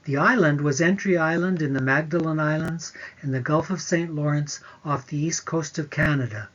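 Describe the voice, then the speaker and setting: A man, the author, reading a short afterword in a plain, measured way. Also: fairly high pitch, fairly bright tone. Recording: dull, lo-fi recording.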